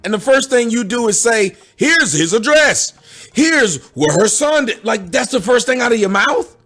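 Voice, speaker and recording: A woman talks back at a clip in sarcastic, indignant commentary, firing off pointed questions. Her pitch moves in lively swings, and soft music plays underneath. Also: moderate pace. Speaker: commentator answering a critic. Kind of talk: reaction commentary.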